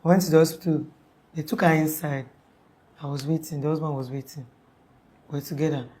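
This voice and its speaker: A woman's voice: sits low, fairly even intonation, fairly quick, dark tone. Young woman telling a story. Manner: rambling, restarts often, uses "like" a lot. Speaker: guest telling her story. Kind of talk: casual storytelling in interview.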